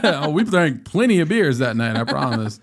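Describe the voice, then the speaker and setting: A man's voice: sing-song, normal speed, gravelly. A man co-hosting a casual podcast, laughing often and swearing freely as he tells stories. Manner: swearing, laughing, jumps high for quoted voices. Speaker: podcast co-host. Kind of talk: casual banter.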